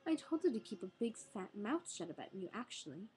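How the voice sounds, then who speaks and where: A woman's voice: mid-range voice, very animated, a little fast, a little mellow, slight background noise, close to an everyday voice, poor audio. A woman voicing a bossy, earnest teenage schoolgirl in a prim, lecturing manner, read from a storybook.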